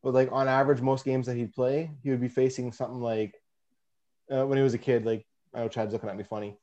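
A man with a mellow, mid-pitched voice chats about hockey on a podcast. He leans on "like" and laughs at his own slips. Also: level tone, fast talker, muffled recording. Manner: chatty, leans on "like", self-deprecating. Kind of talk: casual chat.

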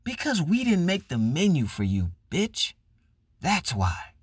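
A man's voice: fairly high pitch, huge pitch swings, unhurried, breathy edge, dry recording, studio quality. A man hosting a podcast, delivering a profane, mocking comedic rant and acting out the people he mocks. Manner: loud, profane, mocking, acts out voices. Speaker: podcast host.

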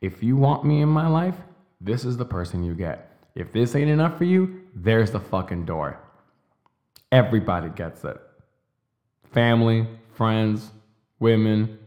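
A young man hosting a podcast, delivering an intense, emphatic motivational monologue full of profanity and slow, stressed declarations. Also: fairly low pitch, a little mellow. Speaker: podcast host.

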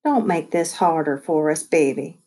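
Woman voicing a big motherly foster mom, soft and tender, folksy talk, unhurried. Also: medium pitch, lightly acted. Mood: gentle.

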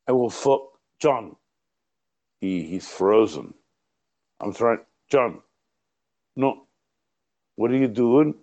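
Man, co-host unhurried, rowdy and profane, mid-pitched, rambling banter. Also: animated, darkish tone. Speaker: podcast co-host. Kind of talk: casual live podcast banter.

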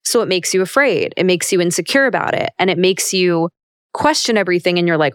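A young woman hosts a self-help podcast in a smooth, resonant voice, recorded close and dry with no room sound. She talks candidly and with emphasis, swearing freely as she coaches her listeners. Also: fairly low pitch, expressive, fairly quick, dry recording. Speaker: podcast host. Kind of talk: motivational self-help monologue.

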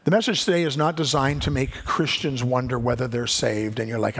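A man's voice: medium pitch, steady tone, brisk, few pauses, fairly bright tone, husky. A man preaching a sermon as pastor, swelling to emphatic peaks and acting out the voices of doubting listeners.

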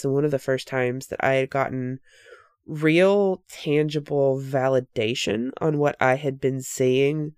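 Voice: medium pitch, a little mellow, clean tone, no echo, clean studio sound. A podcast host telling a personal spooky story in a casual, earnest, reflective way, with fillers and self-corrections.

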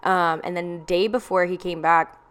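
A woman's voice: fairly low pitch, steady tone, normal speed, a bit bright, clear, resonant tone. A young woman telling a candid personal story in a confessional vlog, with plenty of ums and likes.

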